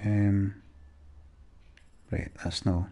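A man's voice: fairly low pitch, little pitch movement, extremely slow, dark tone. A Scottish man chatting and ranting as he plays a game, swearing freely. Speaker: gamer. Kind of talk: let's play commentary.

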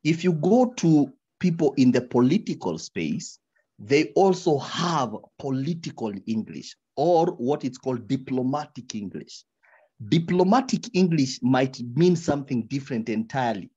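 A speaker giving advice to writers, with a lively, swooping delivery. The talk stumbles over repeated words and dips into quoted examples. It comes through dull, lo-fi call audio. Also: medium pitch, husky. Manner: animated, repeats words while searching for them, drops into quoted examples. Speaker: writing workshop speaker.

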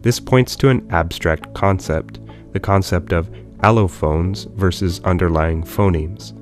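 A man narrating a language lesson in a calm, measured, explanatory way. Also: deep voice. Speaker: language teacher. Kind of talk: scripted educational narration. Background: guitar music.

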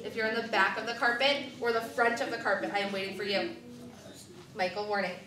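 Teacher giving a classroom reading lesson. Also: female voice, mid-range voice, fairly even intonation, fairly quick, sharp tone. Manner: clear, directive, counting and prompting. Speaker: first grade teacher. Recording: echoey classroom from far off, children around.

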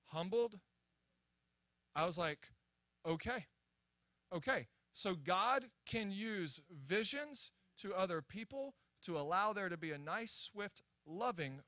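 A young man preaching at a church, telling a story in an animated, excitable way with many restarts and acted-out quotes. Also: high-pitched, no echo. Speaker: guest preacher. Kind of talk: sermon storytelling. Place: church sanctuary.

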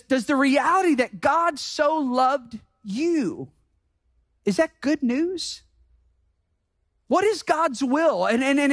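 A man preaching a sermon as pastor, emphatic and slowing down to repeat key phrases. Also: very high voice, no echo. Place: church sanctuary.

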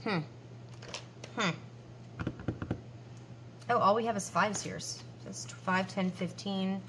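A woman's voice: mid-range voice, fairly even intonation, takes it slowly, noisy background. A woman in her forties chatting casually at home as she counts cash aloud and talks to herself between numbers. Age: 40s. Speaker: budgeting vlogger.

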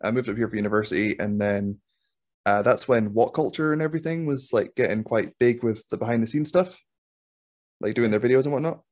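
A young adult man from Scotland, a wrestler chatting calmly and easily as a podcast guest, laughing at himself. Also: mid-range voice, fairly quick. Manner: calm, easygoing, laughs at himself. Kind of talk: casual interview chat.

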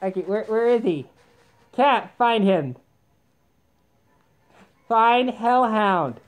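A woman doing a comic sketch rant, exasperated and yelling "no" over and over. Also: a little high, lively intonation, very slow. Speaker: comedy video maker.

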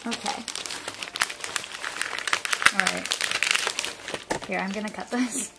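A young woman chatting casually through an unboxing, gushing and gasping with excitement. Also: mid-range voice, slow pace, creaky, very noisy. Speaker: vlogger unboxing a reborn doll. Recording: music playing underneath.

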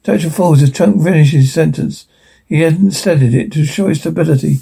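A man's voice: fairly high pitch, creaky, warm tone, breathy edge. A man reading a film script aloud, stumbling and correcting himself as he goes. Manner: halting, self-correcting. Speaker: reader.

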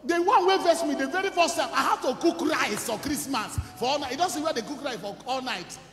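A Nigerian man preaches in a strikingly high voice, swinging from loud shouted declarations to low, confiding storytelling. His sermon rings around a large reverberant hall, with faint music underneath. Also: expressive, fairly quick. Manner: shifts between shouting, storytelling and singing, mixing Pidgin and Igbo. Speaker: evangelist. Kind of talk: sermon with testimony and sung worship.

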